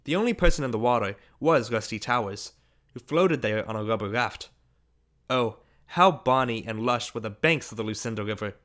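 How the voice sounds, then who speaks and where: A man reading a literary short story aloud as an audiobook narrator, in a measured, unhurried manner. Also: mid-range voice, a bit bright.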